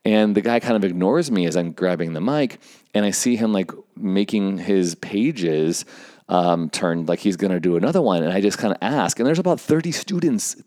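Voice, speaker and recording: A man with a low, expressive, mellow voice casually recounts his work as an event stage manager at a moderate pace, recorded echo-free in a studio. He rambles with fillers and acts out what people said.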